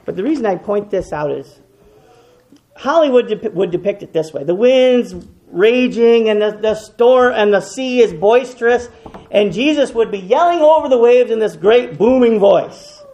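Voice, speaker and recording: A man preaching a sermon with passion, swinging between loud, emphatic repetition and hushed, quiet lines. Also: high voice, lively intonation, moderate pace.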